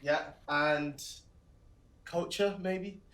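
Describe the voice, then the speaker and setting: A man's voice: a little high, drawn-out words, background noise. Nervous London guy. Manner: nervous, stammering. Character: nervous young London man on a video date. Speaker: game protagonist. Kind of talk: game voice acting.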